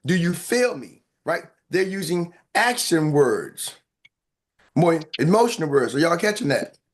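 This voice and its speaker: Animated high-voiced male sales coach. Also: unhurried. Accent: American. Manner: animated, playful, acts out lines and sound effects. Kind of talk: live sales training on a video call.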